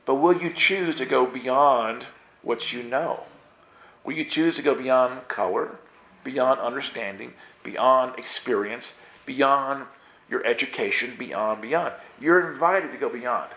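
A male pastor preaching a sermon, telling a personal story in a lively way, acting out the dialogue and often restarting his sentences. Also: medium pitch, slow, echoey room.

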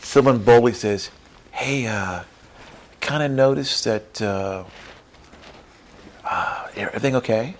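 A man preaching a lively sermon, acting out churchgoers in quick character voices and tagging lines with "right?". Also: mid-range voice, slight background noise. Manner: acts out church members in character voices, says "right?" often. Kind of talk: animated sermon.

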